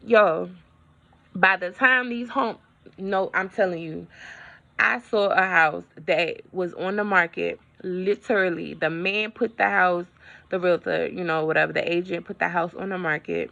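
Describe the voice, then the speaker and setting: A woman's voice: lowish voice, steady tone, a little slow, creaky, pushed and bright, highs cut off. A woman vlogger in a casual update, telling a story in a chatty way and talking straight to her viewers.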